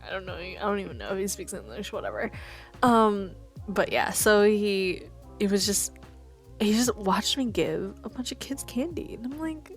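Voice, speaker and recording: A woman streaming, telling stories in a casual, chatty way, laughing often and swearing. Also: mid-range voice. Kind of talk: casual stream chat, storytelling.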